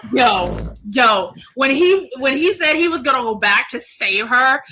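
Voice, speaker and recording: A woman co-hosting a casual chat about films and shows, excitable and slangy with loud outbursts. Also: high-pitched, unhurried, a little hiss or hum, low-quality recording. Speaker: podcast co-host.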